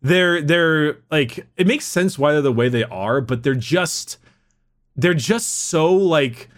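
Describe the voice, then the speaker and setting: A man's voice: a little high, animated, slow pace. A man co-hosting a podcast in casual chat, rambling, swearing freely and saying "like" a lot. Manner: rambling, swears, heavy use of "like". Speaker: podcast co-host.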